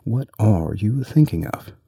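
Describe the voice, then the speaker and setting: A man's voice: fairly low pitch, animated, unhurried, slightly rough, no room sound, studio quality, full character voice. A man voicing a touchy, easily offended mouse who speaks severely. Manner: sharp, severe.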